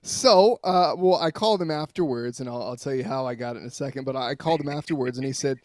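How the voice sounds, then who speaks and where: A man reporting as a guest on a sports talk show, telling a long story in a rambling, animated way with many restarts. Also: mid-range voice, quick pace, no room sound, clean studio sound.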